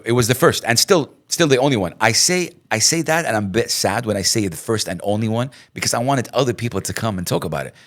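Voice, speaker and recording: A middle-aged man, a radio host, talking in a casual interview in an animated way, repeating himself and acting out quotes. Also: on the low side, fast, few pauses.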